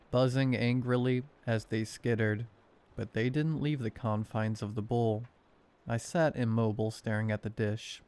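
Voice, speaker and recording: Male horror narrator, sardonic, mid-pitched, smooth resonant voice. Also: darkish tone. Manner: wry, sardonic storytelling. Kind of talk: horror story narration for sleep.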